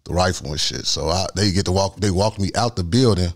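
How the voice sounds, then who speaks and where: Fast-talking Chicago man telling street stories. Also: low-pitched. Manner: animated, acts out voices, heavy slang. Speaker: guest storyteller. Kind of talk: casual street storytelling.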